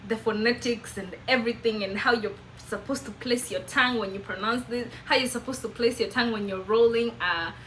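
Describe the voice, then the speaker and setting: A young woman from Kenya speaks with a Meru-tinged accent, her first language being Kimeru. She chats animatedly to her camera with a bright, crisp tone and a fairly high voice. A faint hum of noise sits under the vlog. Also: brisk, hardly any pauses, rough recording. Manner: chatty, animated, laughs often. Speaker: vlogger. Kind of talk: casual chat to camera.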